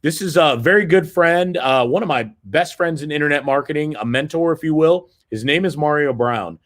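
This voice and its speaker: Persuasive middle-aged man, fairly high voice. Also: moderate pace, a bit bright. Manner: persuasive, keeps adding "right?" tag questions. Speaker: seminar presenter. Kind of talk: motivational sales seminar talk.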